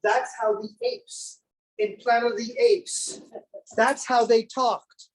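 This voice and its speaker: A man's voice: extremely high pitch, very animated, takes it slowly, distant mic, rough recording. Playful man presenting to a room. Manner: playful, jokey, teasing the audience. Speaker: presenter of antique inventions. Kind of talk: lively show-and-tell presentation. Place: senior center room.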